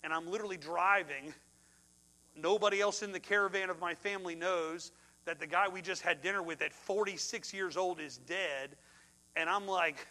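A middle-aged man, a pastor preaching a sermon and telling a personal story, swinging from loud outbursts to hushed tones. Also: high-pitched, moderate pace, rough recording.

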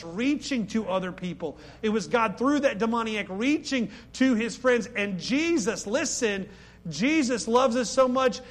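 A middle-aged man preaching a sermon, talking to the congregation with many rhetorical questions and sudden loud, pleading outbursts. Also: high-pitched.

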